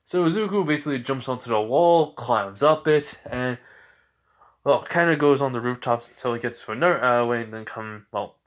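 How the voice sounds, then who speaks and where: A man's voice: medium pitch, a little fast. A man improvising a fan-fiction story in a casual, rambling way, full of fillers.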